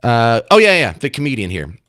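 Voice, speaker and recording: A man's voice: mid-range voice, huge pitch swings, a little fast, fairly bright tone, no room sound, clean studio sound. A man hosting a talk radio show, chatting in a rambling, self-mocking way. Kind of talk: casual talk radio monologue. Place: radio studio.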